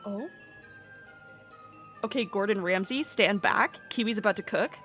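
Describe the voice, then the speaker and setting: A woman streamer chatting casually and with animation, slipping into high baby talk with her pet bird. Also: measured pace, fairly bright tone, faint music behind.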